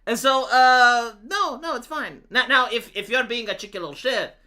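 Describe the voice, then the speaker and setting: Very high-pitched, bright, and forceful, this Romanian man speaks at normal speed. He's casually chatting with stream viewers, rambling through stories, restarting often, and cursing.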